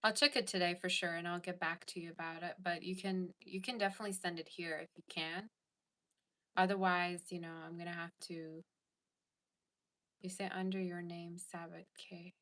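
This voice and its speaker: Bright-voiced woman chatting casually. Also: on the low side, fairly even intonation, moderate pace. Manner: chatty, reads viewer comments aloud. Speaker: tarot reader and livestream host. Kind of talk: casual livestream chat.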